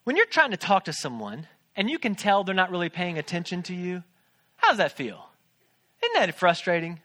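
This man's high-pitched voice swoops wildly in pitch at a moderate pace, with a bright, forceful tone. A pastor in his thirties, he preaches a sermon from a church stage, keeping things conversational and jokey while questioning the congregation.

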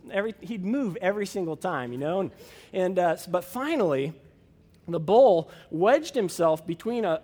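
High-voiced man preaching in a hall. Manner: folksy storytelling with many fillers. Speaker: pastor. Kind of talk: sermon with personal story.

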